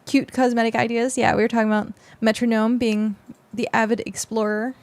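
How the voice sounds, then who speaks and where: A woman's voice: fairly high pitch, flat delivery, brisk, dry recording. A young adult woman streamer chatting casually with her viewers on a close mic, rambling with lots of fillers. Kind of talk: casual livestream chat with viewers.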